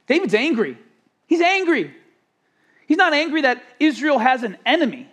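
Preacher, lively rising-and-falling delivery, emphatic, fires rhetorical questions at the congregation. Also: high voice, moderate pace, pauses often. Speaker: pastor. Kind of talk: sermon.

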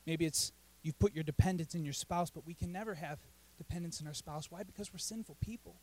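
A man giving a conversational sermon as pastor, animated, often checking in with "right?". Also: on the high side, a little fast, rough recording.

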